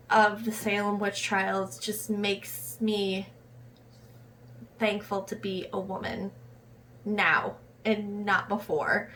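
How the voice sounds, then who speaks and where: A woman's voice: medium pitch, fairly bright tone, a little hiss or hum. A young American woman from Rochester, New York, reviewing a book in a casual vlog, earnest and impassioned, restarting her sentences as she goes. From Rochester, New York, USA. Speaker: book vlogger.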